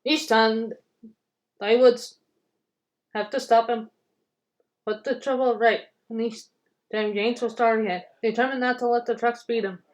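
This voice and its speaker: Lady reading a kids book out loud, stops and restarts a lot, kinda high voice. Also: fairly even intonation, low-quality recording. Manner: halting reading with restarts and throat clearing. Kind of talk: reading a storybook aloud.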